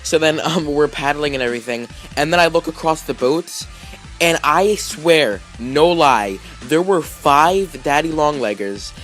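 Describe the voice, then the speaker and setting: A man's voice: on the high side, expressive, measured pace, a bit bright, soft background music. A man vlogging, telling a story casually with lots of fillers, restarts and "like"s. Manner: rambling, heavy with fillers and restarts.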